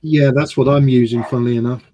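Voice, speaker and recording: A man's voice: medium pitch, fairly even intonation, fast, dark tone. A man chatting on a casual model-building livestream, remarking on poorly fitting parts and reminiscing. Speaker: co-host building a model kit.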